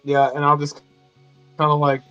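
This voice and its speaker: Male player, relaxed chatty voice, dull muffled audio, soft music bed. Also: on the high side, moderate pace. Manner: casual, chatty, laughs easily. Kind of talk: tabletop role-play.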